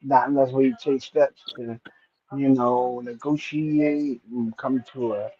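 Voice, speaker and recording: Man, mid pitch, halting speech, muffled lo-fi recording; casual stream co-host. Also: fairly even intonation. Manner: hesitant, searches for words. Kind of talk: casual chat.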